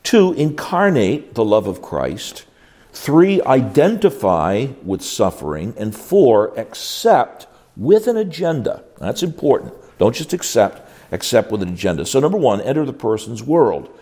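An older man lectures to a class in a folksy, emphatic way, stumbling into restarts as he goes. His voice sits at a middling pitch for a man but leaps and swoops with lively energy. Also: unhurried. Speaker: Bible teacher. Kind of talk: classroom lecture on biblical counseling.

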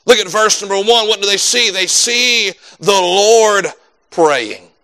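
A pastor praying and then preaching a sermon, fervent and emphatic, rising to loud bursts. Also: male voice, high-pitched, takes it slowly, poor audio.

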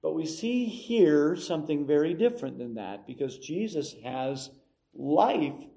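Emphatic man preaching slowly. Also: a little high, expressive, creaky, mellow, poor audio. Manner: emphatic, measured preaching with dramatic pauses. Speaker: pastor. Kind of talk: sermon.

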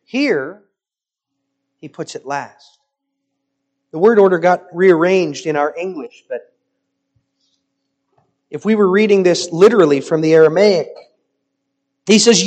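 A man preaching a sermon in an emphatic, rhetorical style with deliberate pauses. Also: high-pitched, expressive, a little mellow.

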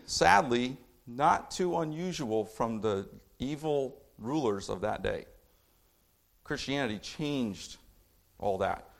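A middle-aged man preaching a sermon, impassioned, swinging from low reading to fired-up outbursts.

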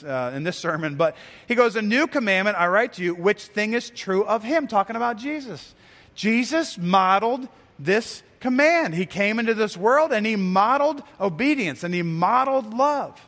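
High bright voice, man preaching a sermon, keeps restarting phrases, long church echo. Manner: earnest, repeats words and restarts phrases. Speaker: pastor. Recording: reverberant church sanctuary.

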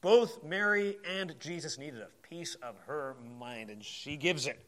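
A man preaching a sermon in a conversational, animated way, often repeating words as he goes. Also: on the high side, measured pace.

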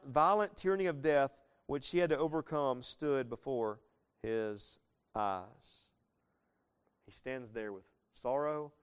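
This thirty-something pastor walks through a scripture passage in a relaxed, chatty sermon. Smooth and resonant at an average pitch, he stays earnest and casual, with abrupt spikes of emphasis.

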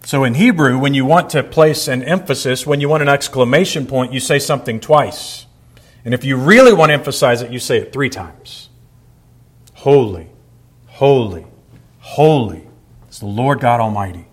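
A man preaching a sermon in a middle-pitched voice. He reads scripture at a steady pace, then explains the text verse by verse and presses his points with emphasis. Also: fairly quick. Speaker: pastor.

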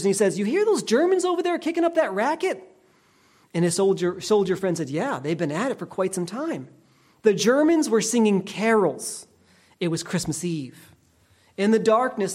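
An earnest preacher in the middle of a sermon. The delivery is story-driven, easing off the pace to lean on important words, at a mid-range pitch. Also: darkish tone. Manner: earnest storytelling preacher who slows down to stress key words. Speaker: pastor.

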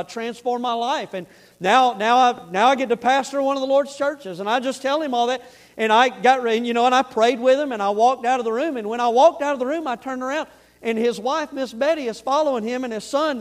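A pastor delivers his sermon in a notably high voice for a man, telling his story earnestly. His preaching then climbs into fervent, shouted passages.

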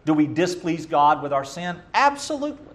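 A middle-aged pastor delivers a sermon in a fairly high voice for a man. He preaches emphatically, jumping from loud, punchy lines down to soft, murmured asides. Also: sing-song, fairly quick.

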